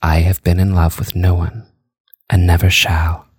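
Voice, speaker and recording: A man voicing a languid, drowsy young female vampire countess in an audiobook reading, speaking softly with sighs. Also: low-pitched, level tone, unhurried, breathy edge, dry recording, clean studio sound. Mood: tender. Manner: languid, soft, sighing.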